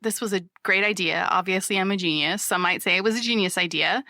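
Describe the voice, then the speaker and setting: Woman, podcast co-host, playful casual chat, bright voice, dry close sound. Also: mid-range voice, quick pace, no room sound. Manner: playful, laughing often. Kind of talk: casual chat about a movie.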